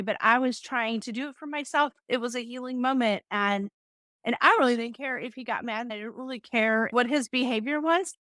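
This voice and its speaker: A middle-aged woman, a self-help coach, giving calm advice and telling a personal story with small restarts. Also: on the high side, dry recording.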